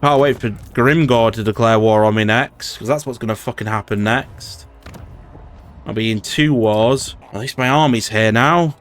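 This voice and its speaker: Swearing through casual commentary on his strategy game, this gaming YouTuber grumbles at the computer-controlled enemy lords. His mid-range voice moves at a moderate pace, with a little hiss or hum in the background.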